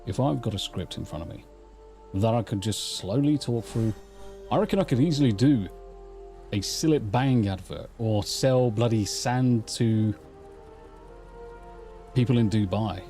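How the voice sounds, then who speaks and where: A man's voice: fairly low pitch, a little slow, long pauses, dark tone, faint music behind. Rambling, sweary English man streaming. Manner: rambling, sweary, self-deprecating banter. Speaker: game streamer. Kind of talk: casual live-stream chat. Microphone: studio mic through a mixing console.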